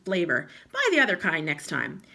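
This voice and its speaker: A woman voicing a nasty old husband who taunts and grumbles loudly. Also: low-pitched, huge pitch swings, moderate pace, gravelly, husky, exaggerated voice. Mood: grumbling.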